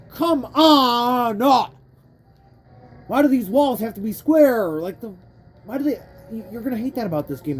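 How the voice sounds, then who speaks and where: A young woman gives let's-play commentary over faint game music, swearing and complaining in a frustrated rant. Her voice is warm and mellow, yet her pitch swings widely as she cuts herself off and starts again. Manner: angry profane ranting; frustrated, rambling self-interrupting talk. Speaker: gamer playing a kart racing game.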